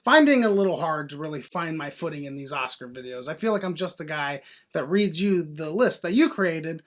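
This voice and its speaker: A man's voice: a little high, animated, fairly quick, fairly bright tone. Dry, laid-back male co-host. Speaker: movie channel co-host. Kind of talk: casual chat.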